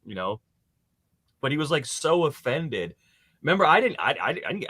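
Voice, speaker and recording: Animated man rambling on a livestream. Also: mid-range voice, unhurried, long pauses. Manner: rambling, laughing, lively mimicking. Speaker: streamer. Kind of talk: casual chat on a livestream.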